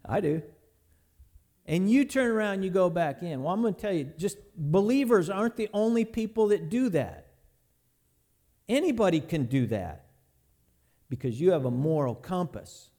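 A middle-aged man preaching a sermon, telling folksy stories and slowing down hard to stress his points. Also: high voice, expressive, warm tone. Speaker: pastor.

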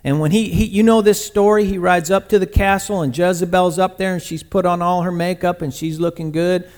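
Man, sermon storytelling, slightly high voice, casual and animated, sudden loud bursts. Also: brisk. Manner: lively, conversational retelling with sudden loud bursts. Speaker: pastor.

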